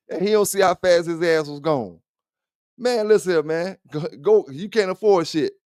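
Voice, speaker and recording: A man's voice: sits high, expressive, measured pace, a little mellow, clear, resonant tone, no echo, studio quality. A man hosting a livestream dog talk show, chatting loosely with viewers in profane trash talk and laughing often. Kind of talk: casual livestream chat.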